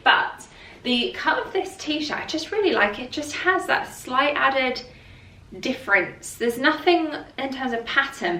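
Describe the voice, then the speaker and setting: In a pushed, bright, fairly high voice, a woman vlogger talks through a try-on session, rambling with plenty of fillers. Her hay fever congestion is audible, and the far-off mic captures a roomy echo.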